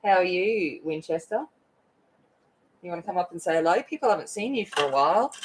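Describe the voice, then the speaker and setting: A woman's voice: lowish voice, animated, brisk, slightly rough, low-quality recording. An Australian woman chatting casually as she colors on her coloring video, rambling with lots of fillers. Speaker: adult coloring video host. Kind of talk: casual chat while coloring.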